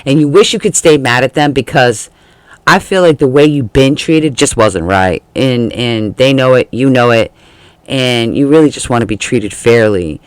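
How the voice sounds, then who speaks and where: A man's voice: mid-range voice, moderate pace, smooth, dry recording. Chatty man giving a tarot reading. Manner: chatty, laughs often, acts out quoted feelings. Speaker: tarot reader.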